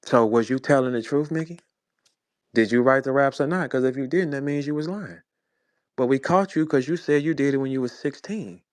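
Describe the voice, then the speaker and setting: A St. Louis, USA rapper in his forties speaks fairly quickly in a mid-range voice, captured in a dry recording. Using a phone in an online audio chat room, he delivers a confrontational rant laced with profanity.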